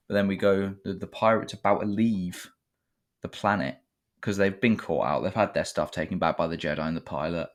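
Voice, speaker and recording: A man's voice: low-pitched, steady tone, brisk. A man giving a casual, sweary review, rambling and sarcastic.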